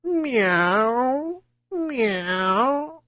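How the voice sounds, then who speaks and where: A man's voice: very animated, drawn-out words, sharp tone, slight background noise, full character voice. A man voicing a greedy, sly female black cat who mews with a phony purr. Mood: wheedling. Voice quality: high mewing, phony purr.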